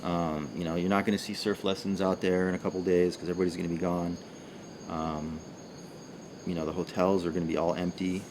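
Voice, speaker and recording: A man chatting on a casual livestream, loose and rambling with plenty of fillers and jokes. His voice sits fairly low, with a faint hiss of background noise behind it. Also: flat delivery, brisk. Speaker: co-host of a livestream.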